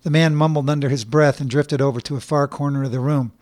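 A man's voice: fairly high pitch, fairly even intonation, quick pace, a little mellow, no echo. Man narrating a story, dry close sound. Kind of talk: scripted narration.

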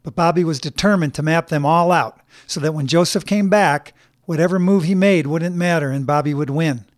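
A man reads a short story aloud at a measured, even pace. His voice sits a little high. The recording is dry and close, with no room echo. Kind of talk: scripted narration.

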